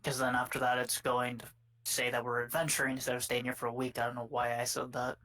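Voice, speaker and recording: A man's voice: medium pitch, flat delivery, quick pace, sharp tone, poor audio. A man playing in a tabletop game, asking rambling, uncertain questions in casual chat. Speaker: player.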